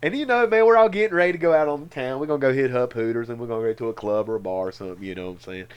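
A middle-aged man, co-hosting a podcast and telling a story in a slangy, animated way, laughing often and calling the others man and dude. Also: mid-range voice, racing, clear, resonant tone, muffled recording. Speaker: podcast co-host. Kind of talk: casual storytelling chat.

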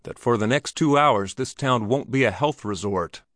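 A man's voice: medium pitch, moderate pace, fairly bright tone, dry recording, clean studio sound, natural voice. A man voicing an urgent young man who brings a warning in an old Western story. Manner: urgent and emphatic.

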